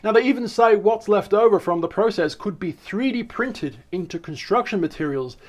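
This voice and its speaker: A high-pitched man reads articles aloud and comments on them as he goes. He is excitable and chatty, and he often stumbles, restarts and repeats words. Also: moderate pace. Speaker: channel host.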